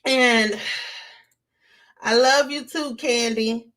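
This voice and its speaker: A woman's voice: fairly high pitch, steady tone, extremely slow, a bit bright. A woman hosting a casual livestream, talking straight to her viewers, repeating herself and greeting people in the chat by name. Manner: conversational, addresses viewers directly, repeats herself. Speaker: livestream host.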